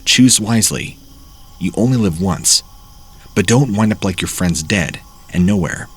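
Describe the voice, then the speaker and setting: A man's voice: low-pitched, animated, unhurried, breathy edge, exaggerated voice. A man voicing a possessed young man who speaks for demons, in a threatening, menacing way, within a narrated horror story.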